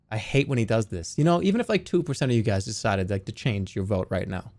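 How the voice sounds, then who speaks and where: A man's voice: fairly low pitch, lively intonation, fast talker, few pauses, darkish tone. A man livestreaming who chats casually and sarcastically, talking straight to his viewers. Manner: sarcastic, joking, talks straight to the chat.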